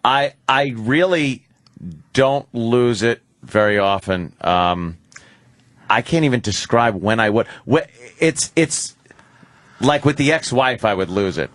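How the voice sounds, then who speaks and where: A man's voice: medium pitch, lively intonation, takes it slowly, a bit bright, no room sound. A middle-aged man on a radio talk show, laughing easily and swearing freely. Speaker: guest. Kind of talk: casual radio talk chat.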